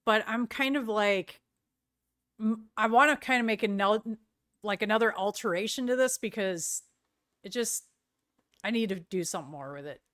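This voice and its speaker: A woman's voice: medium pitch, moderate pace, pauses often, fairly bright tone, dry recording, studio quality. A middle-aged woman streaming live, chatting casually with viewers in a rambling way and often searching for words.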